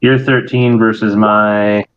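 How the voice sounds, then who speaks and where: A man's voice: fairly low pitch, fairly even intonation, takes it slowly, fairly bright tone, smooth, muffled recording. A man narrating as game master, hesitant and filler-heavy as he improvises scenes.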